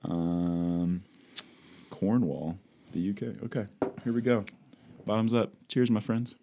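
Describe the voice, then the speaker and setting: A man's voice: lowish voice, fairly even intonation, slow, noisy background. A man co-hosting a casual podcast over a drink, playful and upbeat, repeating phrases for fun. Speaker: podcast co-host. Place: home in the UK on a video call.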